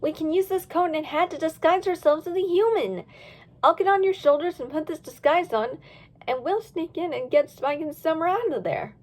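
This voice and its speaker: A woman voicing an excitable, mischievous female Dalmatian pup in a fan story reading, with a bouncy, pushy manner. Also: very high voice, normal speed, voice pushed up. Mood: cheerful scheming.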